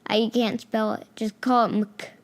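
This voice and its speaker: A woman's voice: fairly high pitch, steady tone, measured pace. A woman co-hosting a casual game podcast, reading game descriptions aloud, stumbling over names and teasing her co-host.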